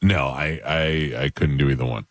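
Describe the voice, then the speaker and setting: A man's voice: very deep voice, steady tone, moderate pace, dry recording. A man hosting a radio talk show, chatting casually with short, laid-back replies into a studio microphone. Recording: dry.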